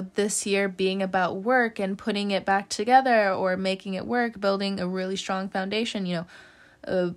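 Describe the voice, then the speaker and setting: A woman giving a casual tarot reading, chatty, with many "you know" fillers, frequent little laughs and casual swearing. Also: medium pitch. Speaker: tarot reader.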